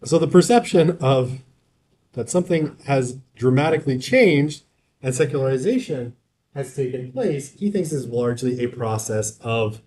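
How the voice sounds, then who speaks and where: Man, university lecturer, casual classroom talk, joking asides, keeps asking "right?", middle pitch. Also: animated, moderate pace, darkish tone, a little hiss or hum.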